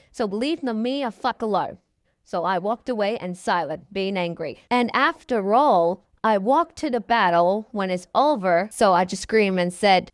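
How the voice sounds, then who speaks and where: A woman's voice: medium pitch, normal speed, no room sound, clean studio sound. A woman telling a fan story in a rambling, profane and ungrammatical way.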